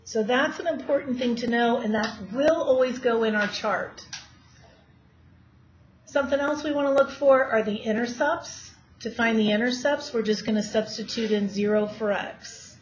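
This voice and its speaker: A woman whose voice is on the high side leads a math lecture at a moderate pace, quizzing students while solving problems. It was recorded in a classroom with dull, lo-fi sound and faint hiss.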